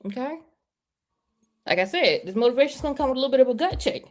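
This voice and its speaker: A woman's voice: high voice, expressive, rapid-fire. A woman guest on a video call giving a motivational talk, emphatic and repeating herself for effect. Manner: emphatic, repeats "okay?" and "stay with me". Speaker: guest speaker.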